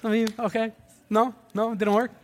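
A man's voice: high-pitched, fairly quick. A middle-aged male pastor preaching a sermon, joking with the congregation and acting out what people say. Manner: animated, joking, acts out quoted voices.

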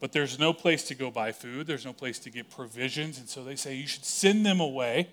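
A man pastor delivering a sermon in a conversational style, with casual asides and quick acted-out quotes. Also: medium pitch, a bit bright.

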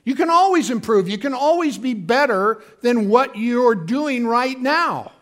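A man preaching to his congregation in a high, light voice. He talks casually and acts out the voices he quotes. Now and then he breaks into sudden loud bursts. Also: animated, measured pace. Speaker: pastor. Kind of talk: sermon.

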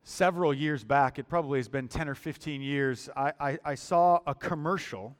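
A man preaching a sermon in a deliberate, emphatic style, often repeating words as he builds his point. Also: a little high. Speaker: pastor. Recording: long hall reverb.

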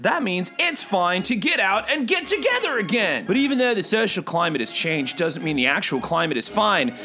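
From a home recording booth, a man voices a bored, hyper male bird hosting a comedic character podcast, rambling through goofy asides to himself. His exaggerated voice sits high with a sharp tone.

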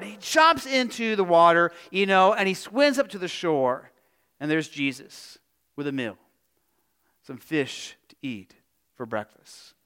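Bright, clear-voiced male pastor preaching. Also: high-pitched. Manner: earnest, personal, pauses and restarts. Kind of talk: sermon.

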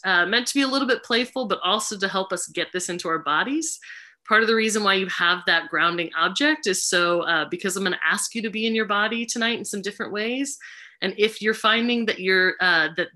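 A woman facilitating a group ritual over a video call, speaking gently and unhurriedly with many fillers. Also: medium pitch.

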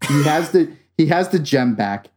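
A man co-hosting a casual chat, excitedly recapping a film and acting out its scenes with plenty of swearing. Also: on the high side, moderate pace, heavy background noise. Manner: animated, swearing, acts out scenes. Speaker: podcast co-host.

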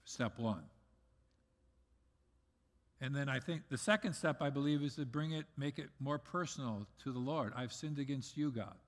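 A middle-aged man preaching a sermon as pastor, earnest, swinging between loud emphasis and soft asides. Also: mid-range voice, normal speed, pauses often. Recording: long reverb of a large hall.

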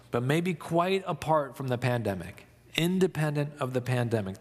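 A pastor giving an Easter sermon, reflective and storytelling, dropping soft for emphasis. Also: male voice, medium pitch, big-room sound. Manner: slow, reflective, dramatic pauses, soft for emphasis.

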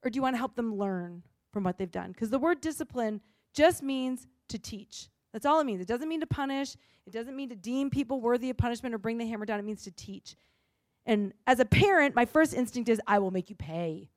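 Woman pastor preaching, earnest and expressive, kinda high voice, dry sound. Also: fairly quick, no room sound. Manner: earnest, expressive, acts out quoted lines. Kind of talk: sermon.

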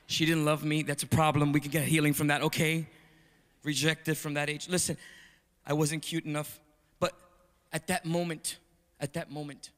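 Brief: male preacher, a touch high-pitched, animated storyteller, echoing church hall. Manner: animated storytelling, calls out to the congregation. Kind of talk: sermon. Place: church sanctuary. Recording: long reverb of a large hall.

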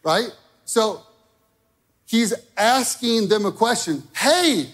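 A man's voice: high voice, expressive, slow pace, pauses often, fairly bright tone. A man preaching a sermon, conversational and direct, checking in with the listeners often. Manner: conversational preaching with frequent okay and right. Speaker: pastor.

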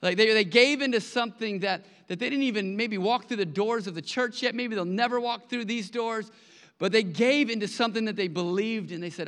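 High, bright-voiced pastor in a reverberant church. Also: male voice, fairly quick. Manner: conversational, animated storytelling with acted quotes. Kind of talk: sermon. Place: church sanctuary. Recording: long hall reverb.

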